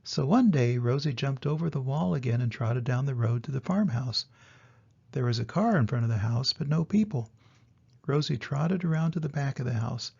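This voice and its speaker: Older man, storybook reading, gravelly, husky, dull lo-fi recording. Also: mid-range voice, lively intonation, moderate pace, a little mellow. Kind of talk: reading a children's story aloud.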